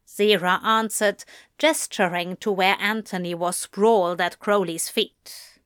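Slow, expressive woman reading a story. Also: mid-range voice, smooth, no room sound, studio quality. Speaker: narrator. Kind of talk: audiobook reading of fan fiction.

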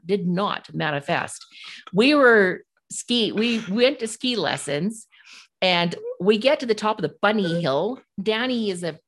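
A middle-aged woman co-hosting a podcast, telling a personal story in a casual, animated way and acting out the voices of the people in it. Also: on the low side. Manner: animated, acts out quoted voices. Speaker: podcast co-host.

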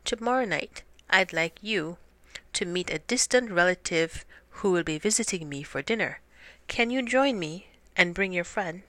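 A woman's voice: fairly low pitch, expressive, normal speed, fairly bright tone, dry recording, voice pushed up. A woman voicing a sly, scheming male cat in a storybook reading. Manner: smooth, conspiratorial, drops to a whisper when plotting.

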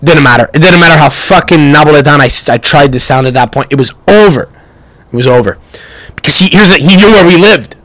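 A young man hosting a podcast, telling stories in a profane, rambling, animated way. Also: a little high, quick pace, no echo, low-quality recording. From Canada. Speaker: podcast host. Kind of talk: casual storytelling rant.

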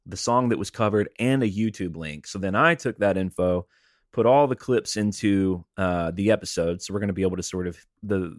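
A man's voice: lowish voice, dry recording, studio quality. A man hosting a podcast, chatting casually and rambling a little with fillers. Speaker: podcast host.

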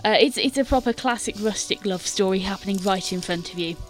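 A woman's voice: mid-range voice, fairly quick, soft background music. A woman game master narrating a tabletop scene in detail, with many fillers and hesitant restarts.

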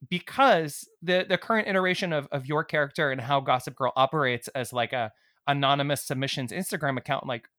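A man's voice: mid-range voice, bright, forceful tone. A man hosting a casual interview, talking with fan enthusiasm and lots of filler words. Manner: enthusiastic, gushing fan talk full of "like".

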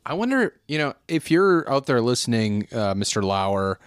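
Podcast dude rambling about beer, swears a lot, chuckles, dry close mic. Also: male voice, mid-range voice, very animated, moderate pace, clear, resonant tone, no room sound. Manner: rambling, profane, chuckles often. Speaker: podcast co-host. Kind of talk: casual beer podcast banter.

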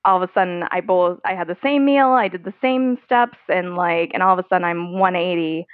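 A woman's voice: fairly low pitch, fairly even intonation, fairly quick, dry recording. Woman, podcast guest, candid and chatty, dry tinny phone line sound. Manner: candid, chatty, laughs often, many "like" fillers. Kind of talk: conversational interview.

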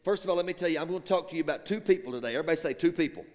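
A man preaching a sermon as pastor, animated and building to shouts. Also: fairly high pitch, racing. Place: church sanctuary. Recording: long church hall reverb.

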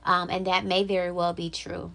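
A woman's voice: fairly low pitch, completely flat delivery, normal speed, creaky, a bit bright. Chatty woman hosting a podcast. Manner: chatty, upbeat, talks straight to listeners. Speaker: podcast host. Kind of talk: casual solo podcast chat.

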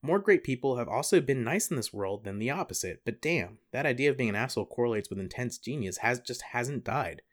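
A young man co-hosting a podcast, joking and laughing often, reading an answer aloud with deadpan asides. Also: medium pitch, brisk, hardly any pauses. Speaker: podcast co-host. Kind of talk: casual comedic chat, reading an answer aloud.

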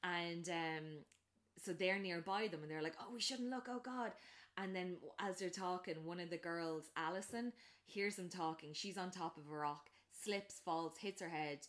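A woman chatting casually, retelling a film plot and acting out the characters' lines, with lots of fillers. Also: unhurried. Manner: animated storytelling, acts out characters' lines in a raised pitch; many fillers and restarts.

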